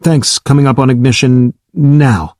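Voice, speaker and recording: A man's voice: mid-range voice, fairly even intonation, a little slow, a little mellow, no room sound, studio quality, lightly acted. A man voicing a blunt male naval test pilot in an audiobook, curt and clipped, swearing when pressed. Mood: clipped calm. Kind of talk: audiobook character reading.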